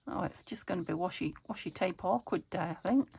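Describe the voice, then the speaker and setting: Croaky, gravelly British woman chatting while crafting. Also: fairly low pitch, brisk, hardly any pauses, a little mellow, a little hiss or hum. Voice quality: a bit croaky. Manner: chatty, talks to her materials, murmured asides, frequent laughs. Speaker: craft channel host. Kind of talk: casual chat while crafting.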